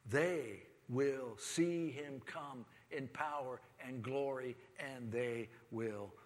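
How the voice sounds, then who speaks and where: Impassioned preacher in a reverberant hall. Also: male voice, medium pitch, slow pace. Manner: preaching with rising, impassioned delivery. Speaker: pastor. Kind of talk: sermon.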